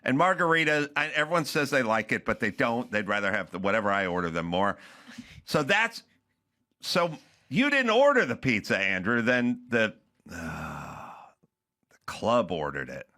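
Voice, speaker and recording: A man in his sixties hosting a podcast, complaining in an exasperated, animated comic rant with mock outrage. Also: lowish voice, moderate pace. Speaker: podcast host. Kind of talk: comedic ranting chat.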